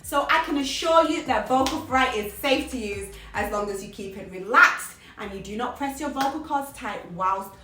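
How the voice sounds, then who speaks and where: A woman's voice: on the high side, expressive, normal speed, few pauses, bright, forceful tone, a little hiss or hum. A woman vocal coach giving an upbeat, emphatic lesson on singing technique to her viewers. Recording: roomy sound from a distance, faint music.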